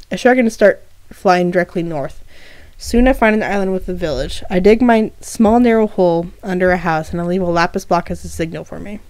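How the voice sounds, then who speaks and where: Woman storyteller, lowish voice, dry close recording, casual reading with asides. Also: a little mellow, clear, resonant tone, dry recording. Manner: reads aloud with small restarts and asides. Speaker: storyteller reading her own fan fiction. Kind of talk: first-person story reading with voiced dialogue.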